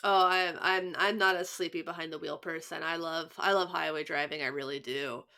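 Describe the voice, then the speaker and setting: A woman's voice: deep voice, steady tone, normal speed, sharp tone. A young woman co-hosting a podcast, chatting casually, laughing often and restarting her sentences. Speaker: podcast co-host. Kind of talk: casual chat.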